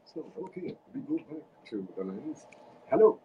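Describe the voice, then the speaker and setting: A man's voice: on the high side, very animated, measured pace, breathy edge, lo-fi sound. A man co-hosting a radio show, joking and chiming in, then reading station details. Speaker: radio co-host. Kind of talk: casual radio banter. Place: radio studio. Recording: distant mic with background noise.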